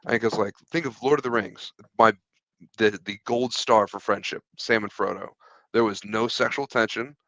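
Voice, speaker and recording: A man's voice: lowish voice, fairly even intonation, normal speed, sharp tone, no room sound, low-quality recording. A man in a casual podcast chat, joking around.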